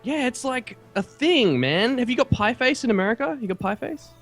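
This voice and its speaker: A man's voice: very high-pitched, lively intonation, moderate pace, a bit bright, soft background music. A young man with an Australian accent, bantering casually on a voice call, emphatic and swearing as he rants in mock seriousness.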